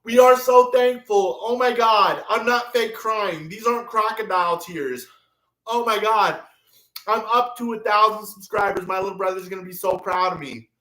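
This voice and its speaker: A man's voice: high voice, moderate pace, bright, forceful tone, echoey room, poor audio. A man gushing emotionally on a livestream, thanking his subscribers in an effusive, sing-song way. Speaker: channel owner thanking subscribers.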